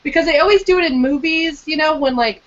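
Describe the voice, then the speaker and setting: Casting: eager book club co-host, high voice, lo-fi call sound. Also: female voice, fast talker. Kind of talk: casual chat.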